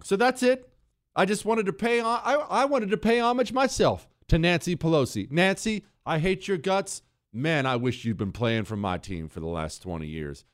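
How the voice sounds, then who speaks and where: A man hosting a political talk show, ranting in an exasperated, animated way. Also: mid-range voice, no echo, studio quality. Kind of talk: opinionated commentary.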